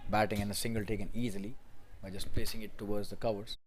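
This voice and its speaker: A man calling a cricket match live, calm and measured between balls and rising sharply in pitch and volume when the action heats up. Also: a little hiss or hum. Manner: calm, measured calls that jump high and loud on big moments. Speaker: cricket commentator.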